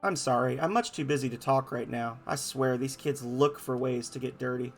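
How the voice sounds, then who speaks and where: With soft music playing, a gameplay host reads each character's lines aloud in playful voices, making jokes at his own expense. His voice is mid-range and gravelly, at normal speed.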